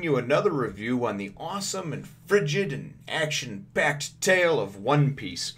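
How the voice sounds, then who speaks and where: A man's voice: medium pitch, very animated, normal speed, hardly any pauses, a bit bright, husky. A man hosting a casual comic review, rambling with lots of fillers and restarts and laughing often. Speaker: host.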